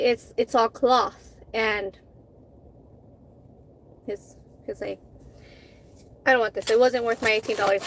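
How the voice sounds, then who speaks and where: A woman's voice: a little high, slight background noise. A woman in her thirties, a food vlogger, chatting casually while eating and telling a heated story candidly, with swearing, restarts and fillers.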